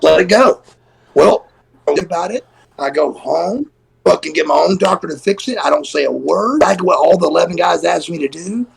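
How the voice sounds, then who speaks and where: Man, middle-aged, gravelly voice, husky, animated storyteller, swears a lot, slightly high voice. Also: moderate pace, a little hiss or hum, rough recording. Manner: animated, profane storyteller who acts out quoted voices. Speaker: guest, former pro wrestler. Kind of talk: casual storytelling on a live stream.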